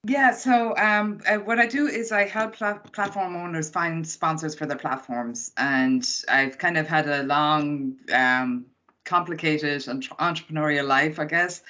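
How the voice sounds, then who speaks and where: A woman's voice: sits low, sharp tone. An Irish woman, a business mentor, talking as an interview guest in an upbeat, easygoing way. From Ireland. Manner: upbeat, laughing easily, explains in plain terms. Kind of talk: casual interview chat. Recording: dull lo-fi call audio.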